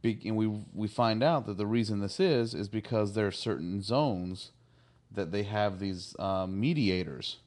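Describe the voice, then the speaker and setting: A man's voice: lowish voice, measured pace, darkish tone. Rambling, chuckly man recapping a show. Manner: rambling, chuckling, heavy use of "like" and "you know". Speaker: podcast co-host. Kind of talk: casual episode recap chat.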